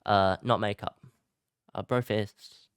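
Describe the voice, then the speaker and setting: Low, smooth-voiced young guy. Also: fairly even intonation, slow pace, no room sound, studio quality. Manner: casual, self-deprecating, with filler "uh"s. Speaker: YouTube commentary creator. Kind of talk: casual scripted commentary.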